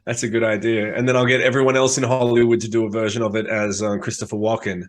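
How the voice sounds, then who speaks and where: A man's voice: fairly low pitch, flat delivery, fast. A man co-hosting a casual rock podcast, laid-back and agreeable, chiming in and swearing now and then. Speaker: podcast co-host. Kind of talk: casual chat.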